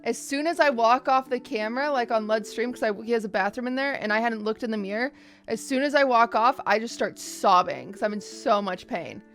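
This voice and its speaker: A young woman streamer telling her chat a story in a casual, animated way, often restarting and repeating words. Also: a little high, brisk, soft background music.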